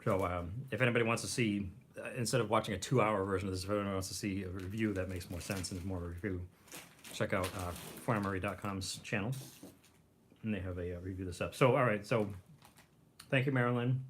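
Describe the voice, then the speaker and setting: A man hosting a casual livestream, rambling, clearing his throat and chewing as he talks. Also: fairly low pitch, steady tone, fast, a little hiss or hum. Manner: rambling, clears throat, chews while talking. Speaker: livestream host reviewing rations.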